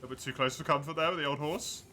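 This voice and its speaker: A man's voice: on the high side, steady tone, fast, sharp tone, slight background noise. A male streamer giving chatty live gameplay commentary, reacting aloud and answering his chat.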